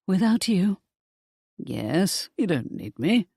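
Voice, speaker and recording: An audiobook reader voicing a steady, protective young duke who speaks calmly and reassuringly. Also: male voice, a little high, a little slow, creaky, dry recording, studio quality, full character voice. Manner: calm, reassuring.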